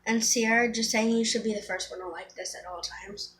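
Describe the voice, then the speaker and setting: A woman's voice: medium pitch, steady tone, brisk, a bit bright. A teenage girl chatting casually through a makeup tutorial, rambling with ums and restarts. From Florida. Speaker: beauty vlogger.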